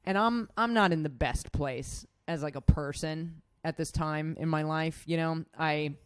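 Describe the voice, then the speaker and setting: A woman's voice: deep voice, measured pace, clean tone, no echo. Woman podcast co-host, chatty rambler, curses freely, dry close sound. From Nevada, USA. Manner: rambling, profane, lots of "like". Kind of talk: casual chat, storytelling.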